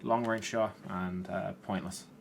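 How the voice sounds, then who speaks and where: Male gaming YouTuber, casual play-by-play, tired and sweary, lower register, light background noise. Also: unhurried, gravelly. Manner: chatty, swears at players, rises in excitement. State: tired, yawning. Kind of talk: casual gameplay commentary.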